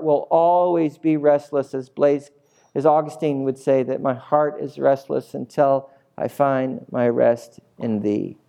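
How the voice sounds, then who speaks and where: Male pastor preaching, warm voice a bit high, lively, acts stuff out. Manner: animated, playful, acts out scenes. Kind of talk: sermon.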